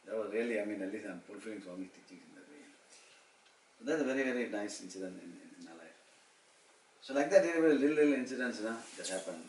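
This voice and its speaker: Telling personal stories at an informal devotional gathering, this motivational speaker, a man in his sixties from Malaysia, brings the quoted dialogue to life with animation. He speaks in a lowish voice at a quick pace, captured by a distant mic in an echoey room over a faint hum.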